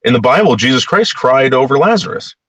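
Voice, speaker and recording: A man of middle pitch talks in a loose, rambling monologue, restarting words and getting more heated. His voice swings widely up and down. The sound is close and dry, with no room echo. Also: brisk. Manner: rambling and animated, repeats words, grows heated. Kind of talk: casual monologue.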